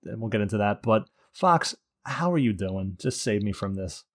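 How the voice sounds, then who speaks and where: A man's voice: lowish voice, lively intonation, normal speed. A man hosting a casual gaming podcast, crude and sardonic, swearing often. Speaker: podcast host.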